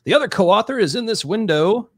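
A man's voice: high voice, lively intonation, brisk, a bit bright, no echo. A man co-hosting a podcast in casual chat, upbeat, reading listener questions aloud. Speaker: podcast co-host.

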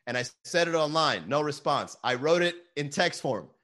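Profane animated comedian hosting a livestream. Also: male voice, a little high, moderate pace. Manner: animated, swears often, reads chat aloud. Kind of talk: profane casual livestream chat.

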